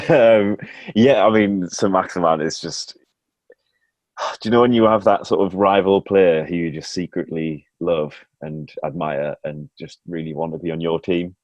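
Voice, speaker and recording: A man's voice: sits low, a little slow, darkish tone, no room sound. A man hosting a casual sports podcast, chatty and self-mocking, laughing often. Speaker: podcast host.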